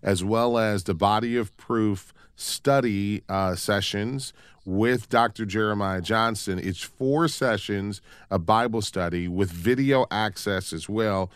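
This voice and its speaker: A man hosting a Christian radio talk show in a measured, earnest way. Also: lowish voice, clear, resonant tone, dry recording.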